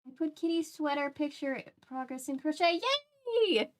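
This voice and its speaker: A woman's voice: high voice, fairly even intonation, brisk. A woman hosting a stream, chatting casually as she reads comics aloud, often trailing off and restarting her sentences. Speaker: streamer host. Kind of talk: casual chat while reading comics aloud.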